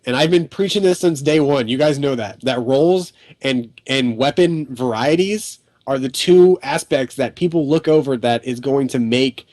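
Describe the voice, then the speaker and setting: A man's voice: mid-range voice, a little mellow, dry recording. A young man on a casual gaming podcast, rambling through his points with restarts and fillers. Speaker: podcast panelist.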